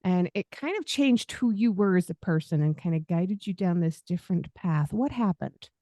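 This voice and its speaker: A woman's voice: fairly low pitch, lively intonation, normal speed, dry recording, studio quality. A woman with a faint Southern American accent, hosting a podcast interview in a chatty, easygoing way. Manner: warm and chatty, laughs easily. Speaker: podcast host. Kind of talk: casual interview.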